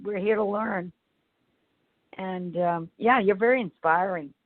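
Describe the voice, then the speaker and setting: A woman co-hosting a casual interview, speaking with warm enthusiasm. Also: mid-range voice, measured pace, no echo. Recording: tinny call line, dry.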